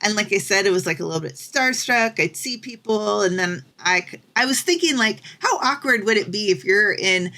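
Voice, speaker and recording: A young woman co-hosting a podcast, chatting casually with lots of fillers and lively quoted voices. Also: medium pitch, normal speed, few pauses. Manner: chatty, many fillers, animated when quoting people. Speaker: podcast co-host. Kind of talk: casual chat.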